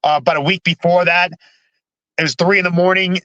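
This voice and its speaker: Halting high-voiced man. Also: fairly even intonation, bright, forceful tone, no echo, muffled recording. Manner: halting, many restarts and repeated words. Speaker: podcast guest. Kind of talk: candid personal storytelling.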